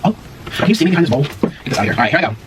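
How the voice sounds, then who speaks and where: Rapid, animated man tasting food. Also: a little high. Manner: animated, dramatic, jokey. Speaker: food vlogger. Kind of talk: casual food tasting chat. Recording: distant mic with clear background noise.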